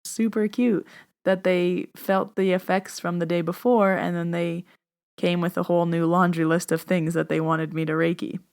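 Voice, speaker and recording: Woman host, casual chatty storyteller, animated delivery. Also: on the low side, moderate pace, clear, resonant tone. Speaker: podcast host.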